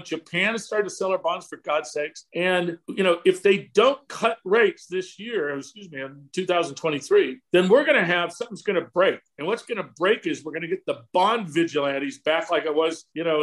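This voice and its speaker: A man's voice: high-pitched, fairly bright tone, poor audio. A man in his sixties co-hosting a market talk show, speaking in a rambling, emphatic way with restarts and asides. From United States. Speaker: co-host. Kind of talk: market commentary chat.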